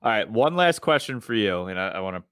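Low-voiced man on a sports podcast. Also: big pitch swings, fast, a bit bright, clear, resonant tone, dry recording, clean studio sound. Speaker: podcast co-host. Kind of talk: casual sports chat.

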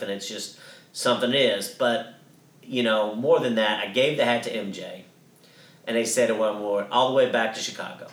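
A man's voice: fairly low pitch, fairly bright tone, reverberant, recorded from a distance. A man co-hosting a podcast, telling a story in a casual, rambling way with many restarts and some swearing. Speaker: podcast co-host.

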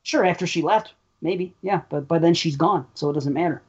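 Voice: medium pitch, fairly quick, a little mellow, slightly rough. A speaker giving strong, profane opinions in a casual film discussion. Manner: emphatic, swears often, opinionated. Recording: slightly dull audio.

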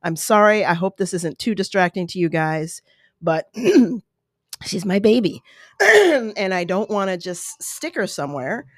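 A woman's voice: medium pitch, big pitch swings, measured pace, no echo, studio quality. A woman commenting earnestly on a video clip for her viewers, emotional and apologetic in her asides. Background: baby making noises.

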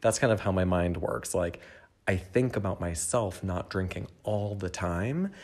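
A young adult man hosts a podcast from home, reflecting solo in a candid, rambling way and addressing the listener directly. His voice is deep, a little slow and a little mellow.

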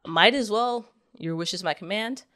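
A woman's voice: medium pitch, moderate pace, pushed and bright, close to an everyday voice. A woman voicing an easygoing, offhand male genie in a joke she tells. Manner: laid-back and offhand.

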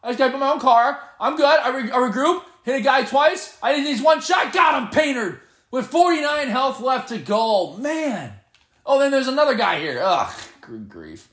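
A man giving live gameplay commentary, excitable and playfully boastful as he trash-talks. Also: very high-pitched, normal speed, echoey room. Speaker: gamer.

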